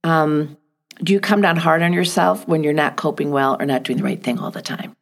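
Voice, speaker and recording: A middle-aged woman speaking gently and thoughtfully on a podcast, asking reflective questions. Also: low-pitched, fairly even intonation, brisk, vocal fry. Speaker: guest.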